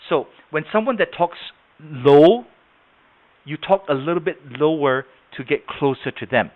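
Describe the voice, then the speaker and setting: A man's voice: fairly high pitch, expressive, unhurried. A man running a live sales training webinar, explaining step by step and often checking in with "okay?". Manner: explains with frequent "okay?" check-ins and acted examples. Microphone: computer mic on a video call. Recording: tinny phone-like webinar audio.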